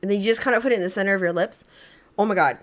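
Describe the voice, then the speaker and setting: A young woman co-hosting a casual livestream podcast, playful and animated, gushing as she shows off beauty products. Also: medium pitch, very fast, a little hiss or hum. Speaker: podcast co-host.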